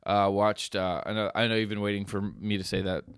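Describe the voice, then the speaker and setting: A man co-hosting a podcast, chatting casually and telling stories with animated, swearing energy. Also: lowish voice, fairly quick, clear, resonant tone, no room sound, studio quality. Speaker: podcast co-host. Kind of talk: casual chat.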